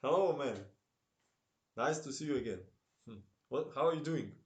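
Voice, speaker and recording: A man's voice: medium pitch, a little fast. A man with a Russian-tinged accent and broken English, commentating chess on a live stream, chatting with viewers and laughing often. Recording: roomy echo.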